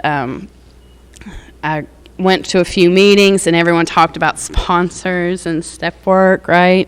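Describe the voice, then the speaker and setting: A woman's voice: fairly low pitch, slight background noise. A woman, telling her personal recovery story in a candid, rambling way, with lots of fillers and laughs. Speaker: recovery speaker. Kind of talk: personal testimony.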